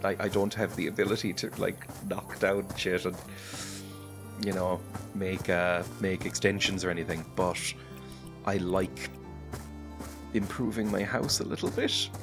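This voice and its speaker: Male streamer, low-pitched, rambling and self-mocking, game music clearly behind him. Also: steady tone, measured pace, long pauses. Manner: rambling, self-deprecating, chatty with frequent laughs. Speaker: gaming channel host. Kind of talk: casual let's-play commentary. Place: home streaming setup. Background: game music playing clearly.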